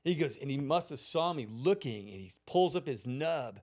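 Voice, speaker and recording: A man's voice: mid-range voice, expressive, normal speed, darkish tone. A man in his fifties, a podcast host, telling a childhood story in casual, profane chat and acting out the people in it.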